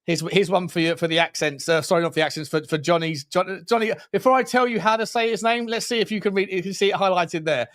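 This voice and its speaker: A man co-hosting a football podcast, talking excitedly in casual slangy chat, rambling and cutting himself off mid-sentence. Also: sits high, quick pace, few pauses. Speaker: podcast co-host.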